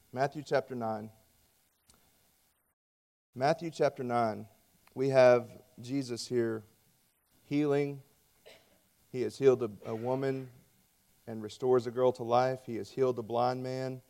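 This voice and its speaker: A man preaching a sermon, telling stories and acting out quoted voices with lively emphasis. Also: mid-range voice, gravelly. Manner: storytelling with dramatic voiced quotes; animated, rising loud on emphasis. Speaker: pastor.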